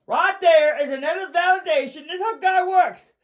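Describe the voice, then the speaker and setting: A man hosting a livestream, ranting boastfully and repeating himself, often bursting into shouts. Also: very high-pitched, a little fast, hardly any pauses. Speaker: livestream host.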